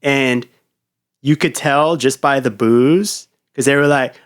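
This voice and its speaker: A man's voice: mid-range voice, slow, clean tone. Laid-back man hosting a podcast. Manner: laid-back, laughs easily, swears casually. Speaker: podcast host. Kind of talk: casual chat.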